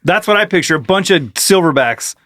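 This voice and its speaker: A man's voice: sits high, lively intonation, brisk, sharp tone, no room sound, studio quality. A man co-hosting a comedy podcast, building silly scenarios with loose restarts. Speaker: podcast co-host. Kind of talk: casual comedic banter.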